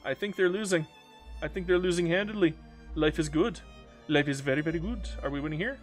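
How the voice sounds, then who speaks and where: A man with a slightly high voice talks fairly quickly over faint background music. He gives playful, joking commentary while playing a strategy game, talking back to the game itself.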